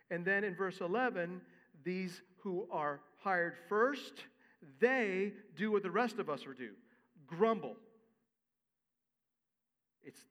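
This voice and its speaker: A male pastor preaching in a high, bright voice, with a casual and expressive delivery. His words ring out through a long church reverb. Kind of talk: sermon.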